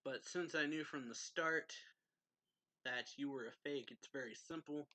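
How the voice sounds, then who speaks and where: A calm, stoic young woman mage, read aloud by a man in a plain, even voice. The tone is bright and forward, and the lines come slowly, recorded dry and close. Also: mid-range voice, no echo, voice pushed up.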